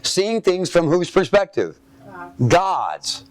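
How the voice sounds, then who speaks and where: A man's voice: high voice, sing-song, slow pace. A man preaching a sermon, reading scripture aloud and asking his listeners to fill in the missing words. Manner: asks fill-in-the-blank questions of listeners; reads scripture aloud, then comments.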